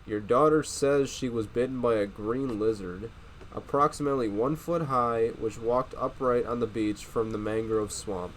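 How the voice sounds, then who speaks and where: A man voicing a calm, precise male field biologist who asks measured, clinical questions. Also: mid-range voice, slight background noise, close to an everyday voice, poor audio.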